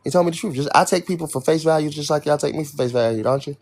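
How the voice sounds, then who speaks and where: Irritated young man, rapid profane rant, livestream host talking to chat. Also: on the high side, darkish tone. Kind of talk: ranting livestream talk to chat.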